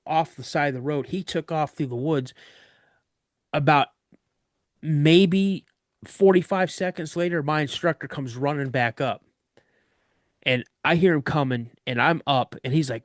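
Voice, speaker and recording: Animated man telling a tale. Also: on the high side, measured pace, long pauses, dry recording, clean studio sound. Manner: animated, acts out other voices. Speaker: podcast guest. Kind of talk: storytelling an encounter.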